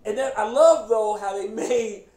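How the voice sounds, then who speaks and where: Animated, high-voiced joking man. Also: normal speed. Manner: animated, joking, laughing often. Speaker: host. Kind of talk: casual chat. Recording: echoey room, faint background noise.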